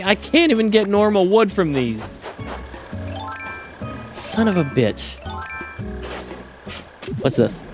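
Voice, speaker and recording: Excitable streamer with a lively voice. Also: medium pitch. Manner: excitable, swears freely, laughs often. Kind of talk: casual game commentary.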